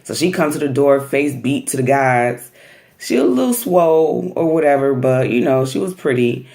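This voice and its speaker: A woman vlogger casually recapping a reality TV episode in slangy, animated talk, often acting out what people said. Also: a bass voice, normal speed.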